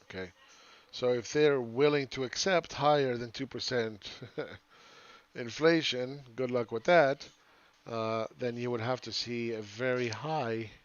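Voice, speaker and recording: A man's voice: medium pitch, steady tone, takes it slowly, dull audio. A man giving casual, rambling live chart commentary as a market analyst, often asking "right?".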